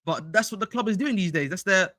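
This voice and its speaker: Young man, high bright voice, slangy livestream chat, dry close sound. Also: quick pace, dry recording. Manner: slangy, excitable, chatty with chat. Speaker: fan channel livestreamer.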